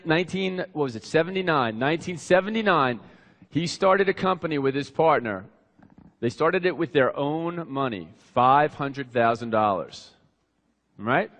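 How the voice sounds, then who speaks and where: A man introducing a speaker on stage, hyping him up and asking the audience questions. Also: on the high side. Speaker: event emcee. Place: large hall with a live audience. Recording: long hall reverb.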